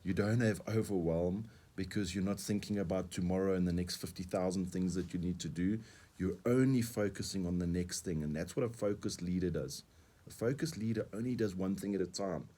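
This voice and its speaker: Deep-voiced South African man coaching on radio. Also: brisk, warm tone. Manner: earnest, repeats words, uses examples. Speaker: guest coach. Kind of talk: radio interview.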